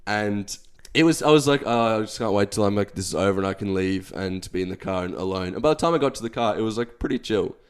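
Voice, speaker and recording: Young man, low voice, rambling. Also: animated, fast, smooth. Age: young adult. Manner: rambling, self-deprecating storytelling with many fillers. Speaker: podcast co-host. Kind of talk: casual chat.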